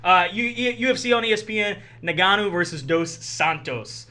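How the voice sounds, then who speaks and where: A man's voice: sits high, animated, pushed and bright. A man co-hosting a sports podcast in casual chat, laughing often and riffing with friends. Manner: laughs often, quick banter. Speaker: podcast co-host.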